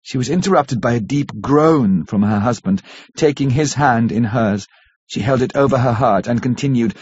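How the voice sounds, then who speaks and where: A man reading a classic novel aloud in a measured, dramatic way. His voice is husky and dry, and the lo-fi recording sounds dull. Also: medium pitch, a little mellow, no echo. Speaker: audiobook narrator. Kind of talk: scripted narration of a classic novel.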